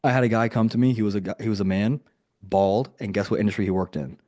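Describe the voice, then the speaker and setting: A fast-talking man with a lowish, darkish voice is coaching a group over video. His speech is relaxed and conversational, peppered with "like" and performed quotes.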